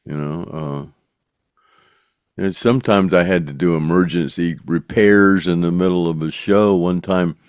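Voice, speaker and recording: An older man hosting a show, telling a road story casually in a halting way, full of fillers. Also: low voice, steady tone, a little mellow, clear, resonant tone, no echo, clean studio sound. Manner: halting, full of "uh" and "you know". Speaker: show host and former rock roadie.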